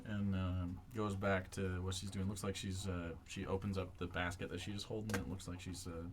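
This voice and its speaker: A man working as game master, narrating a tabletop game in a halting, unscripted way with frequent pauses and restarts. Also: low-pitched, little pitch movement, slight background noise. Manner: halting, many fillers and restarts.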